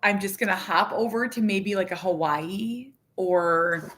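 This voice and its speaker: A woman in her thirties chats straight to camera about family life in a frank, unfiltered way. Her voice is bright and clear, and she often pokes fun at herself, with plenty of fillers along the way. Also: medium pitch, a little slow. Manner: frank, chatty and self-mocking, with laughs and fillers. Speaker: mother and vlogger. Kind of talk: casual candid chat to camera.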